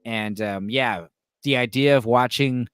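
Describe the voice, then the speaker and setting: Rambling, animated man, clean dry voice. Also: medium pitch, unhurried, smooth, no echo. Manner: rambling, animated, frequent restarts. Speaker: podcast host. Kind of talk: casual chat among friends.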